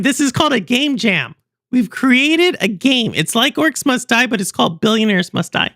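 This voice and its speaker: Young woman streaming, rambly and chatty, bright voice that bounces all over. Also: on the high side, moderate pace. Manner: rambling, animated, laughs often, chats with viewers. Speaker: livestream host. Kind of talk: casual stream chat.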